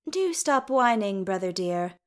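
A woman voicing a wry dwarf queen regent who speaks in a sweetly teasing, lively way. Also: mid-range voice, measured pace, smooth.

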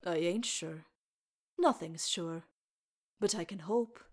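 A woman's voice: fairly low pitch, slow, darkish tone. A woman voicing a kindly, stubborn old deaf male dwarf healer with homely, folksy speech.

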